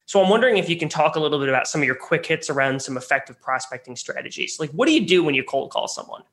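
A man's voice: a little high, lively intonation, racing, fairly bright tone. A man hosting a podcast, asking his guest a question. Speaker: podcast host. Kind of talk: interview question.

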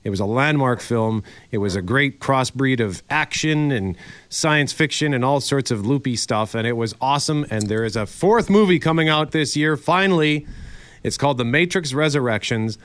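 A man's voice: mid-range voice, moderate pace, a bit bright, no room sound. A male radio co-host chatting casually and enthusiastically, rambling a little as he geeks out.

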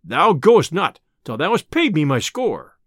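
A man's voice: high-pitched, sing-song, normal speed, dry recording, clean studio sound. A man voicing a greedy, wily male innkeeper who fawns and then stubbornly demands payment, in old-fashioned speech. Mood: insistent.

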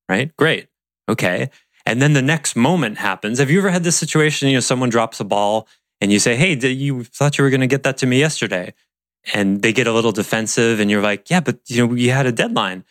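A man's voice: medium pitch, dry recording, studio quality. A man giving a reflective talk on personal growth, conversational, asking rhetorical questions and acting out what others might say. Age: adult past his younger years. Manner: conversational, rhetorical questions, acts out quoted voices.

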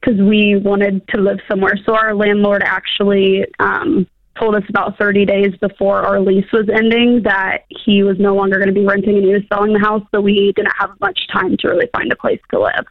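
A woman's voice: medium pitch, fairly quick, hardly any pauses, no room sound. A young woman in her twenties calling an advice show, earnest and hesitant, heard over a phone line. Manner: earnest, hesitant, laughs nervously. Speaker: caller. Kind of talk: radio advice call.

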